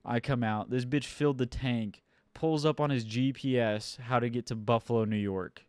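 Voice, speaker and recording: Clear-voiced young man telling a story. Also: mid-range voice, moderate pace, no echo. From Ohio. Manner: swears a lot, animated and exasperated. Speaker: podcast co-host. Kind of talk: casual storytelling.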